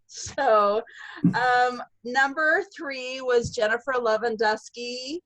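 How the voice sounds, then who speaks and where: A woman's voice: a little high, takes it slowly, a bit bright, dry recording, poor audio. A woman leading a virtual sales-team meeting over a video call, bubbly and upbeat, cheering often. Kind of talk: upbeat online meeting announcements.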